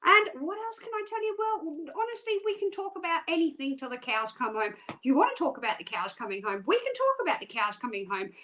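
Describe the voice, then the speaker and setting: A bubbly young Australian woman hosts a live stream, chatty and full of jokey asides. Her voice is high and bright with a sharp edge. She presents with upbeat energy. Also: sing-song, a little fast, few pauses, lo-fi sound.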